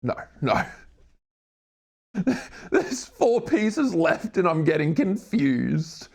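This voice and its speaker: A man's voice: a little high, big pitch swings, drawn-out words, gravelly, husky. A man in his twenties with an Australian accent, live-streaming while doing a jigsaw puzzle, rambling and joking at his own expense, with casual swearing. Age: 20s. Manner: rambling, jokey, self-mocking, swears casually.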